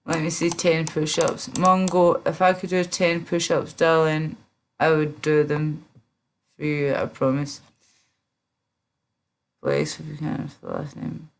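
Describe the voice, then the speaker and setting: A woman's voice: low-pitched, flat delivery, unhurried, gravelly, long pauses, a little hiss or hum. A woman livestreaming in casual chat, drowsy and rambling, with many fillers and trailing off. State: drowsy, slurred.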